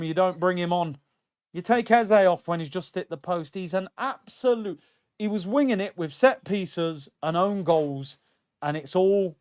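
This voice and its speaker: A man hosting a live football watchalong, ranting in exasperation and reading out chat messages. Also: fairly high pitch. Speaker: host of a football watchalong stream.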